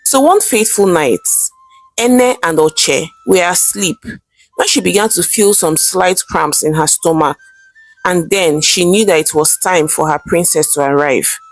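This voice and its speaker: A woman's voice: fairly low pitch, measured pace. A woman narrating a folktale in a dramatic storyteller manner. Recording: faint background music.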